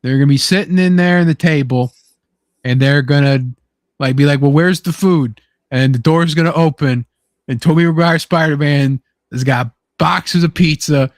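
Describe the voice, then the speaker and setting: A young man with a slightly high voice chats excitedly as host, swearing freely and acting out little quoted lines. The sound is dry and close, with no room around it. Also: moderate pace, no room sound. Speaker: podcast host. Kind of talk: casual chat.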